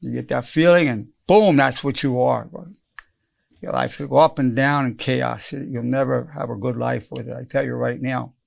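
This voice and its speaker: Gravelly older man teaching. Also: medium pitch, fairly even intonation, moderate pace. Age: 80s. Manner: earnest, repeats lines for emphasis, acts out quoted phrases. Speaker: psychologist teaching a lesson. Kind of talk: spoken self-help lesson.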